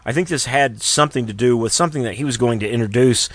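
A fast-talking man with a medium-pitched voice hosts a radio talk show. He chats casually on air, rambling through jokes like a storyteller.

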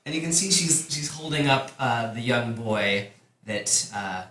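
A man narrating as game master for his players, relaxed and rambling with frequent fillers. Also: medium pitch, measured pace. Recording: echoey room, faint noise.

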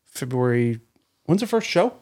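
Dry-joking man co-host, mid pitch. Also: very animated, normal speed, a little mellow. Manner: dry teasing jokes. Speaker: podcast co-host. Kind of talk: casual chat.

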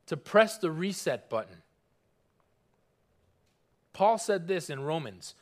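A man preaching a sermon, earnest and emphatic, repeating key phrases and slowing down when he reads scripture. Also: on the high side, big pitch swings. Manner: earnest, emphatic preaching with repetition and audience call-and-response; slows down on scripture, stressing single words. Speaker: pastor.

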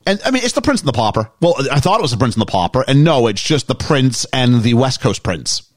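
A man's voice: mid-range voice, quick pace, no echo, studio quality. A man co-hosting a casual film-discussion podcast, joking and acting out lines from the movie. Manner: animated, jokey, acts out lines. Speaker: podcast co-host.

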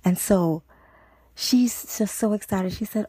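A woman's voice: fairly low pitch, unhurried, dark tone, slightly rough, no echo. A woman podcast host casually retelling a TV episode, rambling with lots of "and so" and "you know".

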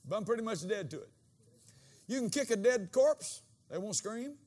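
A man with a high voice for a man preaches a sermon. His delivery swings from quiet, low asides to loud, ringing bursts. He acts out quoted dialogue in changed voices. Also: lively intonation, moderate pace. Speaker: pastor.

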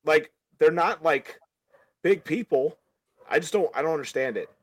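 A man hosting a casual podcast chat, rambling through an animated, opinionated rant with many restarts. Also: on the high side, normal speed, dry recording. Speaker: podcast host.

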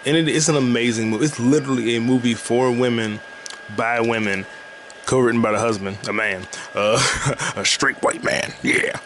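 A man's voice: medium pitch, moderate pace, a bit bright, slight background noise. A man hosting a casual solo podcast from home, rambling loosely and swearing, with frequent laughs. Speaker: podcast host. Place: at home with a loud game console nearby.

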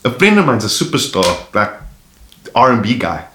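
A man's voice: mid-range voice, normal speed, slight background noise. Laughing South African man, roomy sound. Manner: animated storyteller, laughing often, slangy. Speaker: comedian guest. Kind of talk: casual podcast chat. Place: host's house. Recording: roomy echo in a home.

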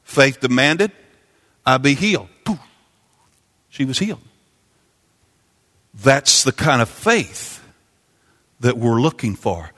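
A man preaching a sermon, impassioned and repetitive, climbing into sung, chanting peaks before dropping low. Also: expressive, slow pace, pauses often, pushed and bright. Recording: long hall reverb.

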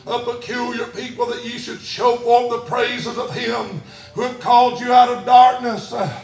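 A man preaching a fiery sermon in church, shouting and chanting his lines, out of breath at times. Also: very high-pitched, flat delivery, moderate pace, reverberant, soft background music. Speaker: pastor.

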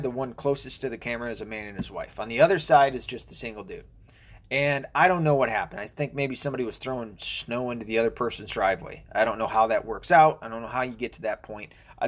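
A man hosting a podcast, telling stories in a profane, rambling, casual monologue. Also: fairly high pitch. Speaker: podcast host.

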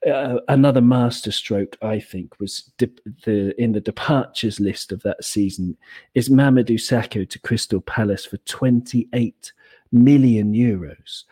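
Guy hosting a footy podcast, husky and kinda mellow, lots of uhs and restarts. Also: medium pitch, unhurried. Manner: hesitant, many fillers and restarts. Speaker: podcast host. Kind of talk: casual football podcast chat.

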